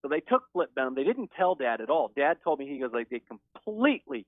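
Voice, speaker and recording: A man speaking as a guest on a call-in show, talking in an excited, emphatic way. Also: medium pitch, quick pace, no room sound. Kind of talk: call-in interview. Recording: tinny phone line.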